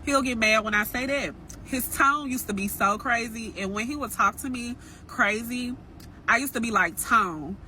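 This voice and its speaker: A woman's voice: fairly high pitch, normal speed, pushed and bright, slight background noise. A young woman telling a personal dating story to her viewers in a casual, frank, chatty way. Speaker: storytime vlogger.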